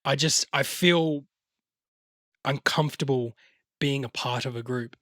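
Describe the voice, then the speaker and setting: A man's voice: mid-range voice, a little slow, a bit bright, dry recording, clean studio sound. A man co-hosting a podcast in casual chat, rambling and swearing, often slipping into put-on voices. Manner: profane, rambling, slips into voices.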